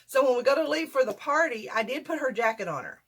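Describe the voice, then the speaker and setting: A woman's voice: sits high, animated, fast talker, slightly rough. Folksy older woman, rambling, self-deprecating storytime vlogger. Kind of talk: casual storytime.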